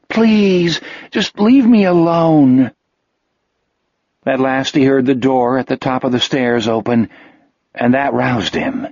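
A man reading a novel aloud as narrator, in a measured, steady storytelling manner. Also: mid-range voice, no room sound. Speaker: audiobook narrator. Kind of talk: scripted narration. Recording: dull, dry lo-fi audio.

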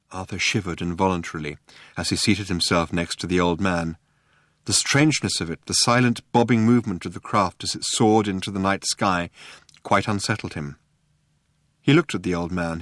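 A man narrating an audiobook in a measured, dry storytelling manner. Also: sits low, fairly bright tone, no room sound.

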